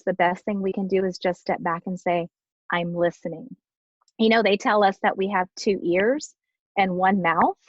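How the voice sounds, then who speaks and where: A woman's voice: fairly high pitch, no room sound, lo-fi sound. A middle-aged woman presents a family literacy webinar in an encouraging, parent-to-parent way.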